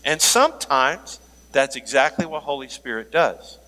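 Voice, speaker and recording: A man preaching a sermon as pastor, animated, joking aside and laughing now and then. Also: mid-range voice, moderate pace. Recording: long hall reverb.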